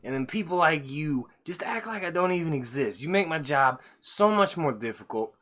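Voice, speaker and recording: A man's voice: fairly high pitch, expressive, normal speed, fairly bright tone, voice pushed up. A man voicing a tired, middle-aged monster who grumbles in a mopey, self-pitying way. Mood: grumbling. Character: weary, dejected middle-aged male monster.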